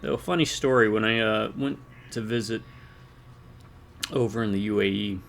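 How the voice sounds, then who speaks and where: A man's voice: lowish voice, normal speed, creaky, slight background noise. A man from the American South rambling casually while commenting on his gameplay. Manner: rambling, chatty, self-deprecating. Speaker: let's play gamer.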